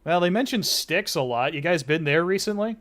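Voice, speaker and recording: A man narrating as game master of a tabletop game, relaxed, with many fillers and restarts. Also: a little high, brisk.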